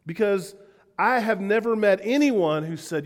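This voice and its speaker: A pastor with a Southern US accent preaches in a high, light voice, earnest and emphatic. He keeps turning to the congregation with direct questions. His words ring out with a long church-hall reverb. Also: lively intonation, unhurried. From Southern United States. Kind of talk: conversational sermon.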